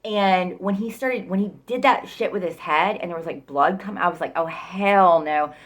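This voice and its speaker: A woman's voice: medium pitch, normal speed. A woman telling her own story casually and bluntly, rambling and swearing freely.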